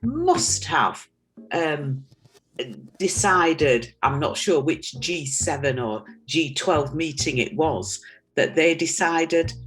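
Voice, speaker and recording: A woman from the audience chips in over a video call in a casual, meandering chat. Her voice is low for a woman, and she fills her pauses with plenty of ums and uhs. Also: expressive, low-quality recording. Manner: meandering, many fillers. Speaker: audience member.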